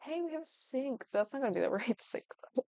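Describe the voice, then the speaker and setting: A woman's voice: high voice, expressive, fast, a little mellow, no room sound. A young woman chatting casually as she builds in a life-sim game, thinking aloud and often apologizing. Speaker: Sims building YouTuber. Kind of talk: casual gameplay commentary.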